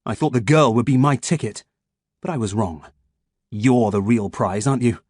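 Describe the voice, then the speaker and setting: Taunting villain scientist, voiced by a man, husky, dry, mock-gentle. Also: mid-range voice, moderate pace, dry recording, close to an everyday voice. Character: menacing scheming male scientist villain.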